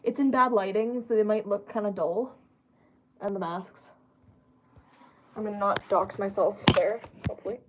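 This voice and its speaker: A woman's voice: medium pitch, fairly even intonation, normal speed, long pauses, slight background noise. A young woman talks casually from her room while answering a live chat. She rambles and fills gaps with lots of ums, now and then breaking into a laugh. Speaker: streamer. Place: home room.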